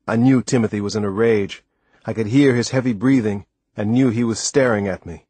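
A man narrating an audiobook in steady, first-person storytelling. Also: lowish voice, fairly quick, husky, no echo. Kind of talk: scripted narration.

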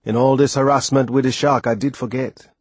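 A man voicing an old sailor, gruff but protective, with loud, drawn-out dialect speech. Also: medium pitch, steady tone, no room sound, lightly acted. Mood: gentle.

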